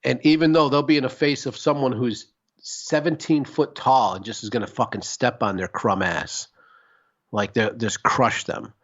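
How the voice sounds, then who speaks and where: A man in relaxed conversation on a podcast, speaking at an ordinary middle pitch. He rambles, restarts his sentences and swears casually for emphasis. The audio is somewhat dull and lo-fi. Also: normal speed. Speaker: podcast co-host. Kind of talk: casual chat.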